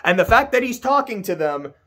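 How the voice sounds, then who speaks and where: A man's voice: sits high, very animated, fairly quick, a bit bright. A young man giving a casual spoken game review, rambling, correcting himself and swearing casually.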